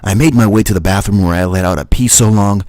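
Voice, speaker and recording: Low-voiced man telling a story. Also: quick pace, no echo. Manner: relaxed storytelling with fillers and chuckles. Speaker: livestream host and flight sim reviewer. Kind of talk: reading his own story, then casual chat.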